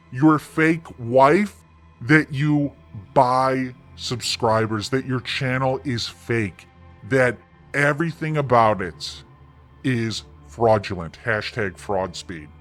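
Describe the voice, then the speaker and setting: Slow, bright-voiced taunting man. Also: mid-range voice, soft background music. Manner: taunting, sarcastic, mocking. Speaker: online commentary host. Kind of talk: sarcastic commentary.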